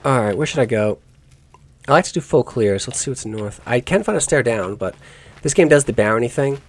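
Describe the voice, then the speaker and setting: A man's voice: mid-range voice, expressive, a little fast. A man giving let's play commentary on a game, musing aloud in rambling asides and correcting himself as he goes. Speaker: gaming YouTuber.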